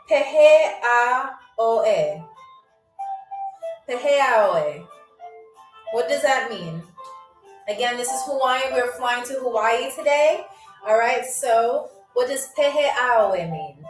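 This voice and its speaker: Chatty, high-voiced woman game show host. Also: distant mic. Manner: chatty and playful, laughs often, sounds words out slowly. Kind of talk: casual livestream hosting, reading out chat. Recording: echoey room, voice set back from the mic, faint music.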